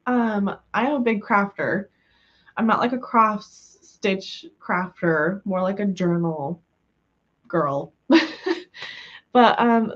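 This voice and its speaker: A woman's voice: medium pitch, expressive, slow. Woman from the west coast chatting on her livestream, lots of ums and giggles, kinda muffled lo-fi audio. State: recovering from being sick. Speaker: livestream host. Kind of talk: casual livestream chat.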